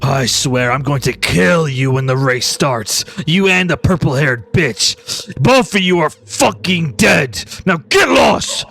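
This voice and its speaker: A man voicing a hostile, brash male rider who shouts threats in a tabletop game. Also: a little high, animated, slow pace, creaky, soft background music, heavily acted. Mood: menacing.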